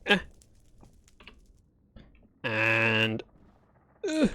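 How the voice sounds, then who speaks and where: A man's voice: on the low side, wildly swooping pitch, drawn-out words, bright, forceful tone, clear, resonant tone. A man chatting through a gameplay livestream, talking to himself and greeting viewers. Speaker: streamer. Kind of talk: casual gameplay livestream commentary.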